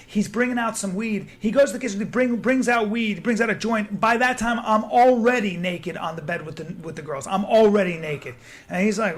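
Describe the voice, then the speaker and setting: A man with a high voice tells a raunchy story in casual podcast talk. He is animated and profane, and he jumps into the voices of the people he quotes. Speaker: podcast guest.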